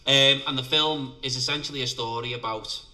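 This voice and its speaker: A man's voice: medium pitch, steady tone, fairly quick, pushed and bright. A middle-aged man with a Liverpool accent, a filmmaker guest talking bluntly and laughing at himself in a casual interview. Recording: distant mic.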